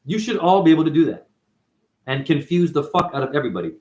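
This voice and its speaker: A fast-talking man with a voice a little on the high side hosts a video monologue. His spiritual ramble is animated and full of profanity, and he refers to viewers as "honey."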